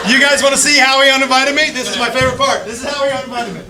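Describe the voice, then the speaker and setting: A man doing stand-up, telling a profane story with animated energy and acting out voices, recorded live in a comedy club. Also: very high voice, rapid-fire, very noisy. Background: loud audience laughter.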